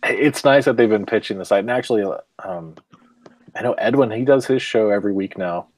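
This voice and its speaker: A man's voice: fairly low pitch, a little fast, a little mellow, no echo, poor audio. A man chatting casually in a group call, rambling and self-deprecating, laughing often. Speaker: comics website runner.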